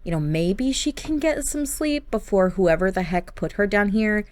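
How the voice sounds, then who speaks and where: A woman's voice: mid-range voice, normal speed, a little mellow. A woman hosting a gaming channel, narrating her play in a chatty, casual way. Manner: chatty, with fillers and laughs.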